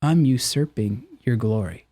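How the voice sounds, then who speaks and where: A man's voice: mid-range voice, unhurried, mellow, no echo. A middle-aged man speaking earnestly and with animation as a podcast guest, telling personal stories and acting out the voices he quotes. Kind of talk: candid personal storytelling.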